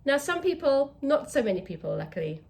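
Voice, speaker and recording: A woman's voice: high-pitched, very animated, brisk, creaky, a little mellow. A woman with an English accent, a communication coach teaching to camera, stretching out key words for emphasis.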